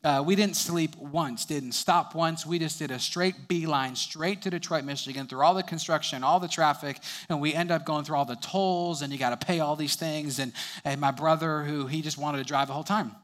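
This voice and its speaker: A young man preaching, with a voice pitched a little above most men's. He tells stories in a sermon and keeps breaking into light chuckles between his sentences. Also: moderate pace, a bit bright.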